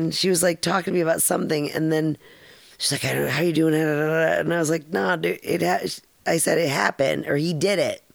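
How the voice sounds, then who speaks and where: A woman's voice: on the low side, steady tone, moderate pace, vocal fry, no room sound. A middle-aged woman hosting a podcast, rambling through a personal story in a frank, casual way, with laughter and casual swearing. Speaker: podcast host.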